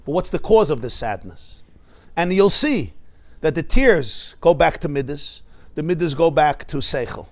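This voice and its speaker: Male rabbi teaching a class, slightly high-pitched, explanatory tone. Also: moderate pace. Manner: explanatory, lively teaching with Hebrew terms and questions to listeners. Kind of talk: Torah lecture.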